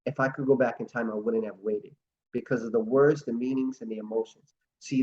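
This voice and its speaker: A man's voice: medium pitch, a little mellow. Man, motivational talk, earnest storytelling, slightly dull lo-fi sound. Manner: earnest, storytelling, acts out quotes. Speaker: host.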